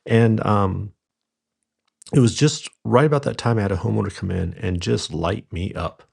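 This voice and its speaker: A middle-aged man, a podcast guest, telling stories from his business in a halting way with many fillers and restarts. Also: lowish voice, creaky, husky. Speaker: podcast guest, rental company founder. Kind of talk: conversational storytelling interview.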